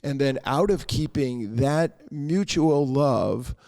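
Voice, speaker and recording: A man's voice: mid-range voice, expressive, slow, creaky, mellow, no echo, clean studio sound. A man co-hosting a church podcast, talking through scripture in a thoughtful, explanatory way with many restarts. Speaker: priest and podcast co-host. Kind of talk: conversational scripture discussion.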